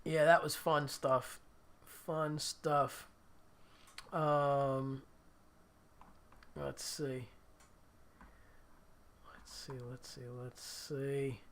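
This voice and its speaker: A man's voice: mid-range voice, little pitch movement, extremely slow, long pauses, slight background noise. A man hosting a live stream in a casual chat, reading viewer comments aloud and laughing often. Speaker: livestream host.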